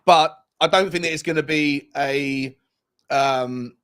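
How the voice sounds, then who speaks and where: Young man, higher-pitched voice, easygoing upbeat chat, stumbles and restarts. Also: slow pace, clean tone. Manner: relaxed and upbeat, stammering restarts. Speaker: co-host of a football fan livestream. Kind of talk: casual chat.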